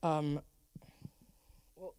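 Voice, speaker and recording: A young English woman who is a musician, chatting casually and playfully in an interview, opinionated and quick to laugh. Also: a little mellow. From England. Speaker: musician guest.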